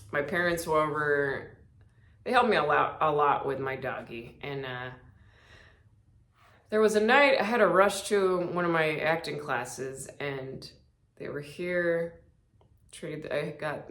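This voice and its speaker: A woman's voice: low voice, a bit bright, roomy sound. A woman comedian telling casual funny stories, acting out quotes in different voices and laughing often. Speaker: comedian podcast host. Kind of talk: casual storytelling monologue.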